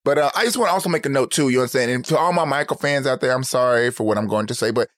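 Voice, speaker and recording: A man co-hosting a podcast in a casual, animated, playful chat. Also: mid-range voice, very fast, dry recording, clean studio sound. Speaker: podcast co-host.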